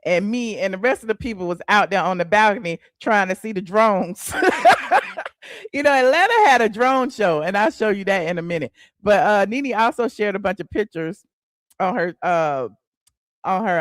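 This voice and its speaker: Sassy gossip host, lively and dry. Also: male voice, high-pitched, moderate pace, no room sound. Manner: sassy, animated, peppered with "honey" and "child". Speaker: host of a celebrity gossip livestream. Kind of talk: casual live chat with viewers.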